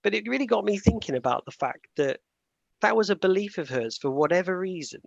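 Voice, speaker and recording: A man's voice: high-pitched, expressive, brisk, gravelly, a little mellow, dry recording, lo-fi sound. A man hosting a podcast, telling stories in a rambling, self-deprecating way with plenty of fillers and restarts. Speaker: podcast host. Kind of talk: casual conversational podcast chat.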